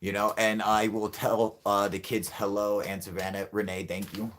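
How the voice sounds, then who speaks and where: A man's voice: fairly low pitch, flat delivery, moderate pace, a bit bright. Angry, profane man ranting. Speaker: channel host. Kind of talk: livestream rant with chat.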